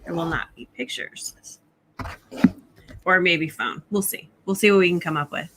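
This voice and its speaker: A woman chatting casually beside a livestream host, with quick teasing side remarks. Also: fairly low pitch, heavy background noise. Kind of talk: casual chat.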